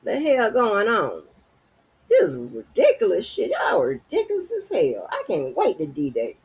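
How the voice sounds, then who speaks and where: Woman, husky and lively, profane confrontational stream rant. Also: on the high side, measured pace, rough recording. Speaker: livestream host. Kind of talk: angry unscripted rant.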